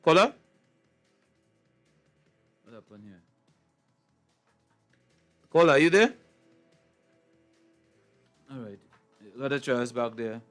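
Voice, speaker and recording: Male radio host, mid-pitched, short plain prompts to callers. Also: very animated, slow pace, long pauses, a bit bright, faint music behind. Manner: brief, matter-of-fact prompts to callers. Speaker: radio talk show host. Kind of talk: call-in radio hosting.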